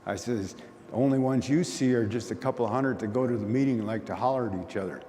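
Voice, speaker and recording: Speaking quickly with a warm, medium-pitched voice, this conference speaker from the Oneida community tells stories in a plain, folksy, conversational way. Faint noise and a long hall echo fill the recording.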